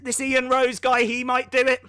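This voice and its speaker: A man's voice: extremely high pitch, monotone, moderate pace, sharp tone, clean tone, no room sound. A man hosting a casual live reaction stream, jokey and self-mocking, and out of breath.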